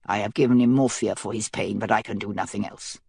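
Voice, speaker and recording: A man's voice: brisk, vocal fry, slightly rough, no room sound, studio quality. A woman doing a grim male doctor. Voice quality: heavy foreign-sounding accent, low and flat. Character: grim foreign male doctor, matter-of-fact.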